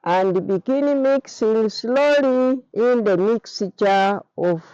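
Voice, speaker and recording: An older Zambian woman explains a traditional dish slowly and patiently. She takes her time over each step. The recording is dry and somewhat dull. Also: on the high side, dark tone, smooth, dry recording. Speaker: guest cook. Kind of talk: slow explanatory cooking talk.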